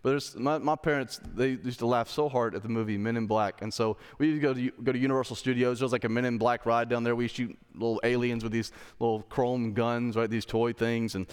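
A male pastor delivers a sermon in a relaxed, conversational way, stopping to read scripture aloud and asking his listeners questions. His voice sits in an ordinary middle pitch. A long reverb trails behind him, as in a church sanctuary. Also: fairly quick, hardly any pauses, clean tone. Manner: conversational preaching with Bible reading.

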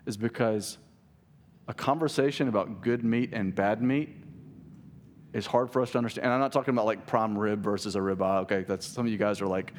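A middle-aged male pastor preaching a sermon, emphatic, swinging from raised, urgent lines to hushed, slow ones. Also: on the low side, steady tone, a little hiss or hum.

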